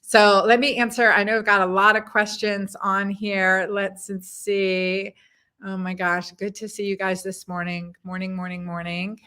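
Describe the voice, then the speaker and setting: A woman's voice: mid-range voice, little pitch movement, a little slow, sharp tone, smooth. Chatty woman doctor on a live stream. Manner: chatty, answers viewer comments, many fillers and repeats. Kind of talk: casual live-stream chat. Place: home in Texas.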